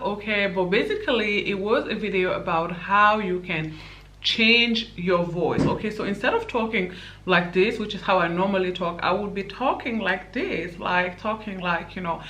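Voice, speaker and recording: A woman's voice: medium pitch, fairly bright tone. A woman vlogger ranting in a sassy, emphatic way, peppering her talk with "okay" and "like". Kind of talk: casual opinion rant.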